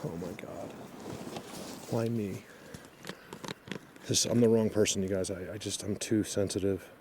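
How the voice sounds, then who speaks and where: A man talks to his viewers from the woods, his voice soothing one moment and anxious the next. He sounds emotional and earnest. Steady outdoor noise sits clearly behind him. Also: fairly low pitch, unhurried. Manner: emotional, soothing and fretful, addresses viewers directly. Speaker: vlogger. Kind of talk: on-the-spot nature vlog.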